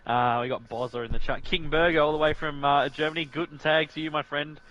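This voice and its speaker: A man's voice: a little high, fairly even intonation, fast talker, a bit bright, lo-fi sound. A man commentating on an online racing league, chatty and jokey, often saying "mate". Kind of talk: casual sim racing commentary.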